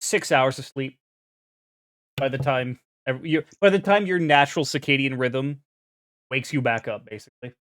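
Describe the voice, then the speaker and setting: A man's voice: medium pitch, normal speed, a bit bright, no echo, studio quality. A young man narrating as game master, rambling with fillers and restarts.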